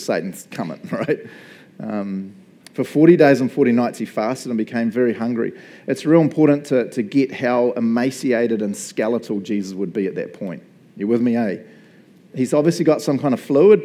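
A man's voice: mid-range voice, dark tone. A male pastor giving a casual, conversational sermon. He laughs often and keeps asking "right?". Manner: chatty, laughs often, asks "right?" a lot.

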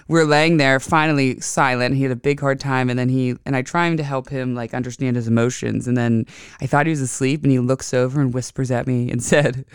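Chatty woman hosting an astrology show, super smooth crisp voice, dry close sound. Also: extremely low pitch, no room sound. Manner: chatty, animated storytelling with lively voiced quotes. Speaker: astrology podcast host. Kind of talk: casual monologue.

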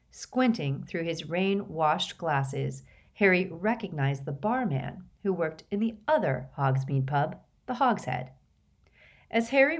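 A woman reading an audiobook aloud with a lively delivery. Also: fairly low pitch. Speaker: audiobook narrator.

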